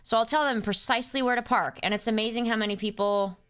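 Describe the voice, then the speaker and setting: Speaking quickly over music, this young adult woman has a voice on the high side with fairly even intonation. In casual stream chat she rants, clearly exasperated, and reads viewers' names from the chat aloud.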